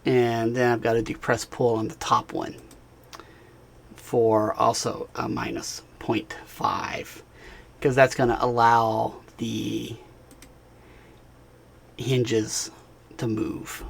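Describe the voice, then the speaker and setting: A man narrating a software tutorial screencast, talking casually as he clicks through steps and checking in with the viewer. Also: medium pitch, creaky. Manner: casual, talks while clicking, frequent "all right" and "right?". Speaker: instructor.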